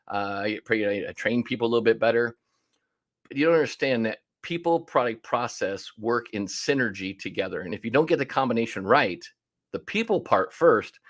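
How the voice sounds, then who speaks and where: A man leading an online workshop as a restaurant coach, talking in a conversational, punchy way and acting out calls with clients. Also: on the low side.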